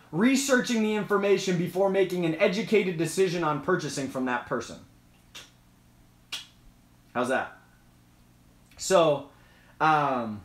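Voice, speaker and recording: A man's voice: sits high, fairly bright tone, roomy sound. A man hosting a casual live Q&A, chatty and emphatic, repeating points as he explains. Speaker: host.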